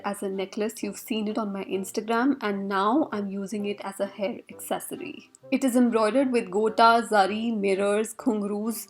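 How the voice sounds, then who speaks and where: A young woman from India narrating a hair styling tutorial as a voice-over, with sarcastic, teasing asides to the viewer. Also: mid-range voice. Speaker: beauty vlogger.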